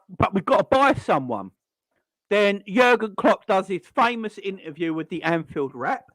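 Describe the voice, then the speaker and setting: Animated man ranting about football. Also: fairly high pitch, no room sound, poor audio. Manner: animated, repetitive, addresses chat. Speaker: football fan streamer. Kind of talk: casual livestream rant.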